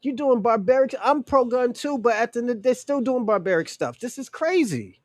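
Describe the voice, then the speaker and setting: In a very high-pitched, expressive voice, a man in his forties delivers casual political commentary at a fairly quick clip. He sounds emphatic and indignant, often repeating his phrases. The studio-quality recording has no room sound.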